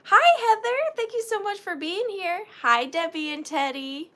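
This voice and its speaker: Chirpy bright-voiced Southern woman. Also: very high-pitched, lively intonation, measured pace. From Georgia, US. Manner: chatty, sweet, calls viewers dear. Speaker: livestream host. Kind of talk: casual livestream chat greeting viewers.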